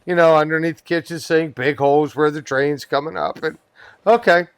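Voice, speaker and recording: A man's voice: on the high side, fairly even intonation, moderate pace, smooth, dry recording. A pest control worker, a man, telling a wild work story on a comedy podcast, swearing freely and laughing as he goes. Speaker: podcast guest. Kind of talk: animated storytelling.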